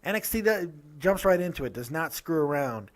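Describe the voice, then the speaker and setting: A man hosting a casual wrestling review show, ranting with quick asides and restarts. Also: a little high, lively intonation. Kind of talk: casual opinionated review talk.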